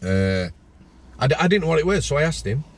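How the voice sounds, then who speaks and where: A man telling prison anecdotes in a casual, deliberate way. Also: on the high side, big pitch swings. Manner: anecdotal, slow deliberate asides. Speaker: former prison officer, host. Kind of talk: casual storytelling chat.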